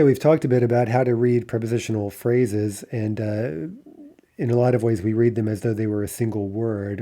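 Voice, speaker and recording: A middle-aged man explaining grammar patiently in a lesson, often checking in with the listener and repeating example phrases slowly. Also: fairly low pitch, warm tone. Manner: patient, explains step by step with frequent "right?". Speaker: language teacher.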